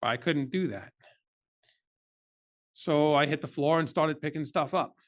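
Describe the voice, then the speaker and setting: Man, slightly higher voice, heartfelt storyteller, candid interview guest. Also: unhurried. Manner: earnest, emotional personal storytelling. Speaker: podcast guest.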